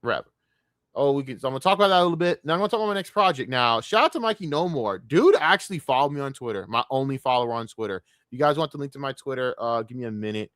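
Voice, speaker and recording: A man ranting on a live stream in a profane, combative, mocking way. His voice is bright and forceful, and it sounds close and dry with no room echo. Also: mid-range voice, expressive, very fast. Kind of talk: casual live-stream rant.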